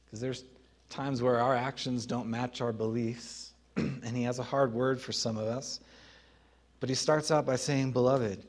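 A man preaching a sermon as pastor, teaching in a conversational way with pauses. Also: medium pitch, darkish tone.

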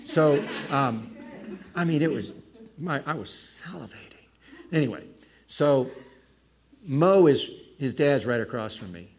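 A male preacher tells a personal dinner-table story with lively energy. He jumps into asides, pokes fun at himself, and acts out the scene as he goes. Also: mid-range voice, measured pace, long pauses. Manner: animated, self-mocking asides, acts out the scene. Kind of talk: anecdotal storytelling.

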